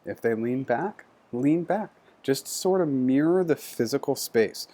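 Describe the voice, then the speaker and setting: A man's voice: medium pitch, animated, measured pace, mellow. A man giving a structured, conversational lesson on job interview skills, walking through numbered points. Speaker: career coach. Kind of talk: instructional talk on interview skills.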